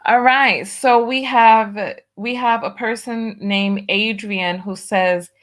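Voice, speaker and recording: A woman's voice: a little high, fairly even intonation, slow, fairly bright tone. A woman hosting a live stream in a casual chat, reading comments aloud in a drawling, exclamatory way. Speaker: host.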